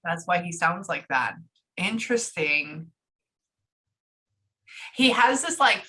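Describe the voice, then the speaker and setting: A woman working as a psychic medium, talking fast and casually through a live reading and swearing freely. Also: on the low side, animated, pushed and bright. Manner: rapid, chatty, swears casually.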